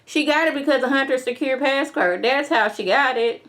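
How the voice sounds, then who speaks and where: A woman's voice: high voice, normal speed, a bit bright. A young woman casually recapping and reviewing a TV episode in an opinionated, slangy way. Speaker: TV show reviewer.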